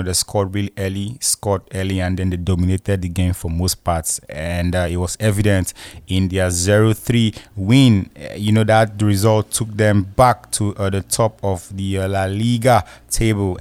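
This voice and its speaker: A man hosting a football podcast, talking loosely and filling pauses with "you know" and "uh" as he runs through the weekend's results. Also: low voice, steady tone, a little mellow, no echo. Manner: rambling, peppered with "you know" and "uh". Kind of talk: casual football chat.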